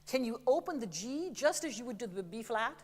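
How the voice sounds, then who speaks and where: On a theater stage with a big-room sound, a woman voice teacher leads a masterclass in a slightly high voice at a fairly quick pace. She's chatty, lively and demonstrative, often breaking off her remarks to sing examples, with a bit of apologetic humor.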